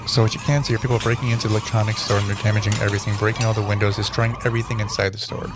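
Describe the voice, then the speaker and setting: A man's voice: lowish voice, flat delivery, very fast, noisy background. A man hosting a podcast, giving casual commentary over news clips in a rambling, self-correcting way with dryly sarcastic asides. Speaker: podcast host.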